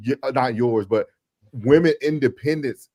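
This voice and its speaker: A man's voice: medium pitch, normal speed, dark tone. A man with a mid-range voice hosts a casual podcast panel. He presses his guests with pointed questions and argues his point hard. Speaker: podcast host.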